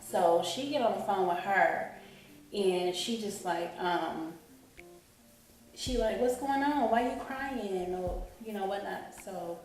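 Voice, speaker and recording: A woman's voice: fairly low pitch, a little mellow. A woman telling an emotional personal story in a rambling storytime vlog, often saying "you know what I'm saying". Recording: echoey room, distant mic, faint music.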